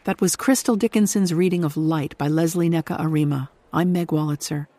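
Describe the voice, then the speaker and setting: A woman hosting a radio program, giving scripted comments in a clear, composed way. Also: low-pitched, a little fast, warm tone, some chatter behind, slight background noise. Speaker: radio show host.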